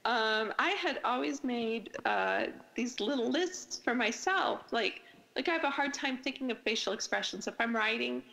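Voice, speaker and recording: Chatty woman with a gravelly voice. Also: a little high, animated, normal speed, bright, forceful tone, poor audio. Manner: chatty, enthusiastic, many fillers and restarts. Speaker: author and writing blogger, interview guest. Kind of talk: casual interview chat. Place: podcast recording.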